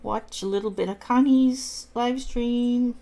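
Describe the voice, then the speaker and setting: Slow, gravelly woman chatting. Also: on the high side, steady tone, warm tone. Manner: chatty, reads and answers viewer comments while coloring. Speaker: livestream host. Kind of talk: casual coloring livestream chat.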